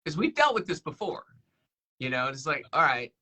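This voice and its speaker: A man's voice: fairly high pitch, sing-song, a little fast, pushed and bright. A man hosting a radio show, chatting casually with his twin brother in a playful, joking way.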